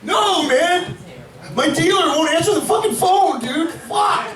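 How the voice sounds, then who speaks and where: A man's voice: high voice, expressive, drawn-out words, heavily acted. A man voicing a distraught young man, whining in anguish. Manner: whiny, anguished. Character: distraught young man whose dealer won't answer. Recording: echoey club from far off, crowd.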